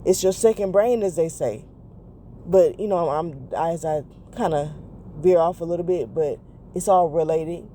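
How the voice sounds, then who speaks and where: A woman's voice: on the low side, a little slow, dark tone, a little hiss or hum. A woman hosting a podcast in a casual confessional monologue, rambling and correcting herself with lots of fillers. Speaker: podcast host.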